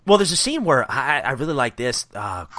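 A man's voice: mid-range voice, very animated, brisk, bright, forceful tone, no echo. A man hosting a casual comic book review chat, enthusiastic and a bit rambling. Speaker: podcast host.

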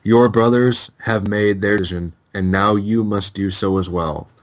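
A man voicing Splinter, an old male rat sensei, reading his lines in a formal, measured way. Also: on the low side, fairly even intonation, close to an everyday voice. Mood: grave.

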